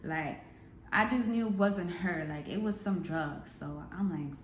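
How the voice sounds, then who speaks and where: A young woman from New York telling a storytime vlog story in heavy slang, animated and profane, acting out shouted quotes. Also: mid-range voice, moderate pace, slight background noise. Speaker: vlogger. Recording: echoey room.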